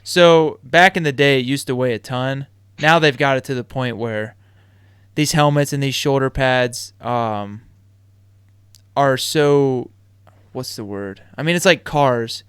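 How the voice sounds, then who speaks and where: A man in the middle pitch range, co-hosting a casual sports stream. His voice is smooth and resonant, recorded close and dry with no room sound. He rambles easily and lets his sentences fade out softly. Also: unhurried, no room sound. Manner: relaxed, rambling, trails off quietly. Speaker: podcast co-host. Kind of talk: casual live-stream chat.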